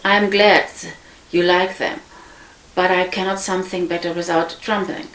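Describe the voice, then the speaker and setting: A woman's voice: on the low side, flat delivery, normal speed, a bit bright, recorded from a distance, natural voice. A woman voicing a sly, hungry male wolf in a storybook reading, speaking in a coaxing, falsely friendly way. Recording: echoey room.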